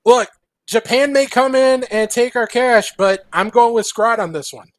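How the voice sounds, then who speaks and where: A man co-hosting a live fighting-game show on a convention floor, giving measured predictions. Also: very high voice, dry recording. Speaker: co-host. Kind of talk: live event commentary, making predictions. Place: large indoor convention hall floor.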